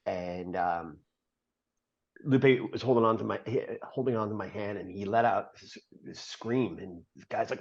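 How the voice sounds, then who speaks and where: A middle-aged man, a podcast guest, telling a long personal story in an earnest, halting way with many fillers. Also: medium pitch, a little mellow. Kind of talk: storytelling interview. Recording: dull lo-fi podcast audio.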